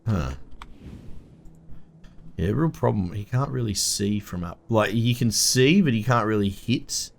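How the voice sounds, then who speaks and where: A man's voice: fairly low pitch, measured pace, vocal fry, long pauses. A young Australian man giving casual, swear-laden commentary while playing a strategy game, talking bluntly to the screen. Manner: swears freely, blunt and chatty, mutters to the game. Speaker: gameplay video host.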